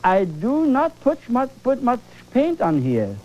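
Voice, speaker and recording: Exuberant man teaching painting, lively pitch. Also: takes it slowly, highs cut off. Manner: exuberant, exclaiming and coaxing; repeats phrases for emphasis. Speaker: painting instructor. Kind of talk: televised painting lesson.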